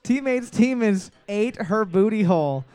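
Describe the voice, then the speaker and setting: A man with a high, smooth and resonant voice runs a comedy trivia night. He reads every question twice and fills the gaps with crude, joking banter. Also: expressive, a little slow, dark tone. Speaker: trivia host.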